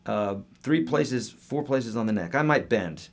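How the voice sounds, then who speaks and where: A man's voice: medium pitch, expressive, unhurried, gravelly. A man in his thirties, a guitar teacher answering viewer questions in a casual, upbeat live-stream lesson. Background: guitar playing.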